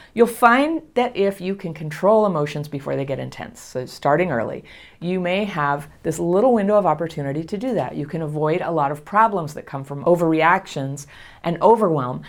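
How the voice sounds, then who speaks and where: A middle-aged woman calmly and reassuringly teaching about healing from trauma, laughing softly now and then. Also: low voice. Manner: gentle, reassuring, laughs often. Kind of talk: casual spoken lesson to camera.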